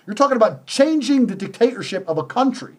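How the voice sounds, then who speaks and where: A man as a podcast guest, delivering a forceful monologue full of swearing and rhetorical questions. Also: extremely high pitch, very animated, fast talker. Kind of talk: heated monologue.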